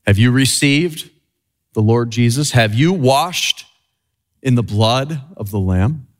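A man preaching a sermon in an earnest way, rising and falling in pitch and slowing down on key phrases. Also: expressive. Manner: earnest, swinging high and low for emphasis, slowing on key phrases.

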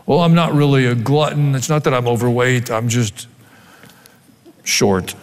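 Joking preacher in a reverberant hall. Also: male voice, mid-range voice, measured pace. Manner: animated preaching with dry joking asides. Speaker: pastor. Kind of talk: sermon.

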